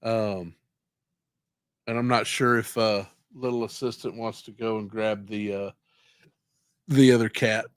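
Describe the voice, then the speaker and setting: A middle-aged tattoo artist chats on a livestream, unhurried and drawn out. He rambles in a laid-back way and swears freely. The sound is dry, with no room around it. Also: lowish voice, steady tone, clear, resonant tone, no room sound. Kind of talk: casual livestream chat.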